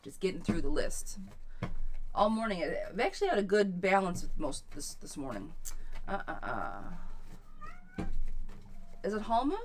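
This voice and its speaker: A woman's voice: mid-range voice, big pitch swings, measured pace, long pauses. A woman hosting a live tarot reading stream, chatting casually and encouraging her viewers, recorded on a webcam mic at home. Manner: chatty and encouraging, addresses viewers as girl and sweetheart.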